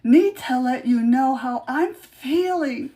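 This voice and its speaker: Brief: woman acting out an indignant letter writer, high and piercing, unhurried, dripping with melodrama. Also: dark tone. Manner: shrill, melodramatic, self-righteous. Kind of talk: dramatic reading.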